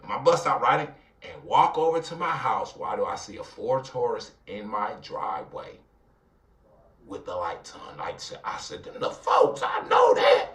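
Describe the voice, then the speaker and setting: Atlanta guy telling a wild story in an interview, doing everybody's voices, loud one sec and whispering the next, bright, echoey room. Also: on the low side, measured pace. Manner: animated, acts out voices, swings from loud to whispered. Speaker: guest telling his life story. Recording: roomy, somewhat distant mic.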